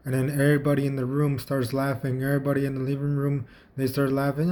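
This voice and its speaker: A man vlogging, telling a personal story in a casual, halting way with frequent restarts and repeated words. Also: medium pitch, completely flat delivery, dark tone.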